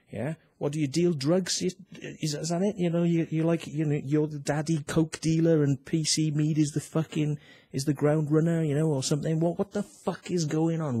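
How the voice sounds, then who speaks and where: A man's voice: fairly high pitch, warm tone, slightly rough. A man with a British accent, ranting in a heated, profane and mocking way on a vlog while reading out a complaint ruling. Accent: British English. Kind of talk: angry vlog rant.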